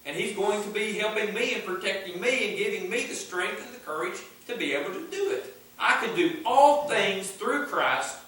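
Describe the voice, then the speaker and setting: A man's voice: high-pitched, expressive, moderate pace, few pauses, pushed and bright. A man preaching a fervent sermon in a church, emphatic and repeating his refrains. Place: church sanctuary. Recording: echoey church from far off.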